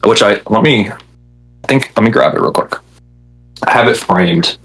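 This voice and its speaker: Low-voiced man, husky and bright. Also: unhurried, rough recording. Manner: rambling, hesitant, many fillers. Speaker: podcast guest, cosplayer. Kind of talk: casual chat.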